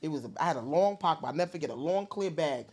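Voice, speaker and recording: A woman comedian from New Jersey, telling animated, colorful stories in a casual interview and swearing freely. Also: low voice, very fast, slightly rough. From Paterson, New Jersey. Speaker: comedian and guest.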